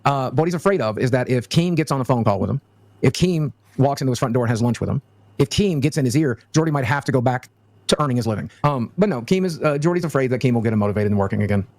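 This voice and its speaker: Male streamer, mid-pitched, dry sound, rambling and opinionated. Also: expressive, fast, a little mellow, no echo. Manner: rambling, many fillers, casual swearing.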